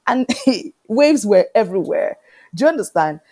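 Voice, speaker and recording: A woman, an animated storyteller in an interview who keeps asking whether you understand. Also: mid-range voice, moderate pace. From Nigeria. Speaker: interview guest. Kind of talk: conversational interview.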